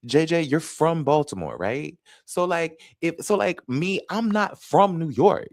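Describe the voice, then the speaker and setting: A man's voice: on the high side, unhurried, dry recording, studio quality. A man in his thirties from North Carolina with a Southern accent, hosting a casual live chat with viewers and swearing freely. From Fayetteville, North Carolina. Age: 30s. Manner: animated, swearing, chatty with viewers. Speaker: host.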